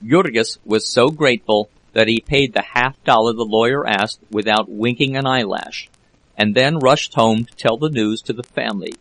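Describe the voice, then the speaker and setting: A man narrating a classic novel as an audiobook reader, in a steady, measured way. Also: mid-range voice, no room sound, low-quality recording. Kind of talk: scripted narration.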